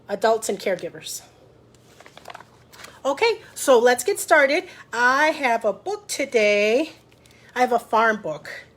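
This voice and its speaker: A woman librarian leading a children's storytime, chatting directly to young listeners and reading a picture book aloud. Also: on the high side.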